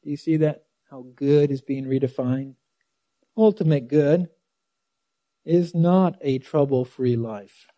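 Slow, dark-voiced preacher. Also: male voice, medium pitch, dry recording. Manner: emphatic, slowing on key words and dropping to near-whispers; dramatic quoting of scripture. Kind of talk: sermon.

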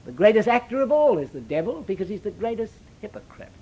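Fast and sing-song, this husky, high-sitting male voice preaches in an old scriptural cadence. Loud, emphatic declarations give way to hushed, solemn asides and back again.

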